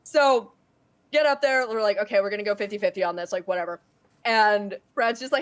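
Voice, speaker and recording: A woman's voice: on the high side, a little fast. A woman co-hosting a podcast, telling a story in casual chat and acting out the quotes with bursts of laughter. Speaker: podcast co-host.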